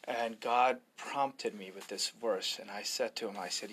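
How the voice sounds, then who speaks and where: A man's voice: lowish voice, steady tone, unhurried, hardly any pauses, fairly bright tone, slight background noise. A man, an evangelist, sharing a personal faith testimony in an earnest, preacherly way, often quoting scripture.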